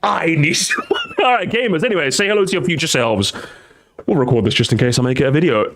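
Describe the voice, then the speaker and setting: Chatting casually during a live stream, the young guy is lively and full of jokes, talking at a quick pace and occasionally letting out shrill, squeaky exclamations.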